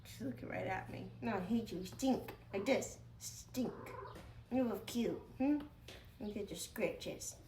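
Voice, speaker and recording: A woman's voice: mid-range voice, normal speed, mellow, reverberant, distant mic. Tired woman streamer, loose casual chat with pet baby talk; faint background noise. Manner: sleepy, talks baby talk to her pet. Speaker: live streamer.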